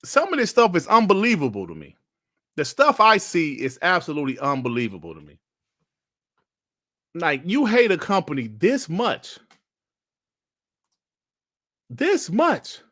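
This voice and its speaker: A man's voice: on the high side, huge pitch swings, normal speed, pushed and bright. A man hosting a casual gaming podcast, ranting bluntly with plenty of slang and swearing. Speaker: podcast host.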